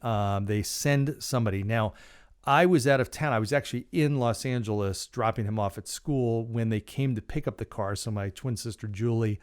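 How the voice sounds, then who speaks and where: A man's voice: fairly low pitch, darkish tone, clean tone. A middle-aged man hosting a podcast, telling a personal story in a casual, rambling way with lots of fillers and restarts. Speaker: podcast host.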